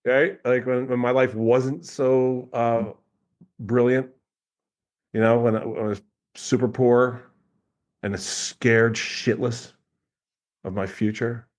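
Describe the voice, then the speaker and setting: Animated, laughing male coach. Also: mid-range voice, slow, long pauses. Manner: animated storyteller, laughs often, mimics people. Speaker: guest coach. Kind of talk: casual podcast conversation.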